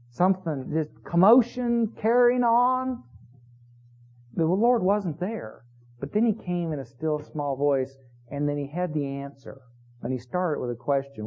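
Male pastor, sermon delivery, high lively voice, hushed then booming, lo-fi tinny phone-like sound. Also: normal speed. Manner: preaching, swinging from hushed to loud emphasis.

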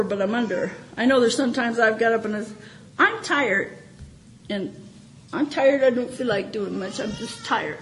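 A middle-aged woman with a high voice gives an informal sermon to the saints. She swings between bright, excited exclamations and low, quiet murmurs, laughing often. Faint background noise runs under the recording. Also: low-quality recording. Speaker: church speaker.

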